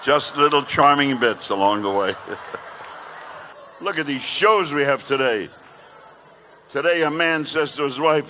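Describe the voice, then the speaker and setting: An older male comedian doing stand-up, telling brash rapid-fire jokes. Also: on the high side, expressive, pushed and bright, slight background noise.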